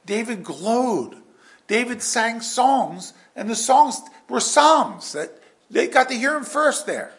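A man preaching a verse-by-verse sermon with an animated delivery that swings from loud emphasis to hushed asides. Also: very high voice, slow. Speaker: pastor.

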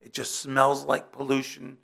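Gravelly husky man preaching. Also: mid-range voice, monotone, measured pace, a bit bright. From New Jersey. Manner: conversational, personal stories. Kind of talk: sermon.

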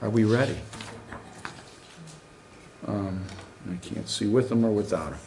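A middle-aged man preaching a sermon, animated and full of rhetorical questions to the congregation. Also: on the low side, slow, crowd noise.

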